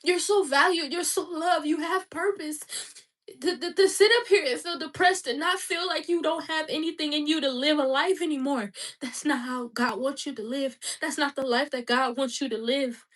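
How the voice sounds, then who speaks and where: A woman's voice: high voice, steady tone, moderate pace, a bit bright, recorded from a distance. A woman giving an emotional, preachy faith monologue, repeating her exhortations with passion and at times crying. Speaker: vlogger.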